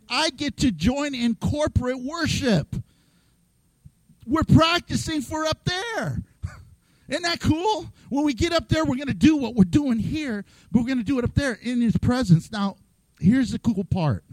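A man's voice: extremely high pitch, expressive, normal speed, no echo, low-quality recording. A man preaching a sermon in a playful way, acting out voices and laughing often. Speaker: pastor.

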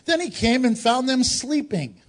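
A man with a fairly high voice preaches a sermon. He shifts between raised exclamations and hushed, low passages. He keeps putting rhetorical questions to his congregation. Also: very animated, a little slow. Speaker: pastor.

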